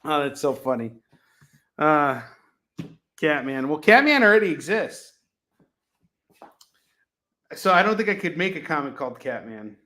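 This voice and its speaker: A man hosting a casual live shopping stream, pitching comic books with rambling jokes and laughing at himself. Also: big pitch swings, measured pace, long pauses, bright, forceful tone, echoey room. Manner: jokey, rambling, laughs at his own jokes.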